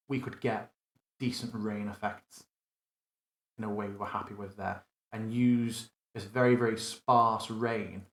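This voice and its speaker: A man's voice: fairly low pitch, reverberant. A man running a live tabletop tutorial, thinking aloud casually and correcting himself as he builds a scene. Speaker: game master demonstrating a virtual tabletop. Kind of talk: live screen-recorded tutorial.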